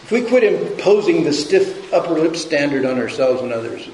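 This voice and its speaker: A man preaching a sermon in a conversational, halting way, often restarting and repeating his words. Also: on the high side, big pitch swings, a little mellow, echoey room, a little hiss or hum, low-quality recording. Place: church sanctuary.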